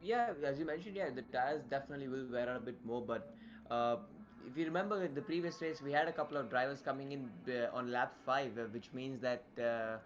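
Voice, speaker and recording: A man's voice: mid-range voice, brisk, highs cut off. A man co-commentating a racing event over a remote call, easygoing with lots of fillers. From India. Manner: easygoing, hesitant, many fillers. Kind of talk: live race commentary.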